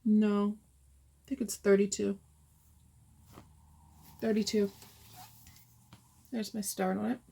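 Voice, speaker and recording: A woman's voice: medium pitch, flat delivery, slow pace, vocal fry, long pauses, warm tone, breathy edge. A woman chatting casually as she shows her cross-stitch projects, thinking aloud and rambling as she goes. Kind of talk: casual show-and-tell.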